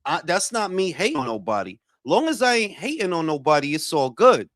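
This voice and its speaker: Guy hosting a boxing stream, kinda high voice, swearing, shouting out chat, dry close mic. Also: fairly quick, no room sound. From Dominican heritage. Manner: profane, animated, reading chat shout-outs. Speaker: boxing talk show host. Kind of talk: casual livestream talk.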